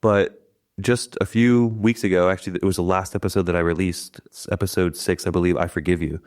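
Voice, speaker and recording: A man's voice: deep voice, flat delivery, fairly quick, darkish tone. A man hosting a podcast, retelling a story in a casual, rambling way. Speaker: podcast host. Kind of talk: podcast interview.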